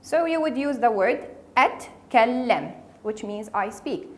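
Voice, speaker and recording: A woman's voice: fairly high pitch, lively intonation, moderate pace. A woman teaching a casual spoken language lesson, patiently repeating each word for learners. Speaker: Arabic dialect teacher.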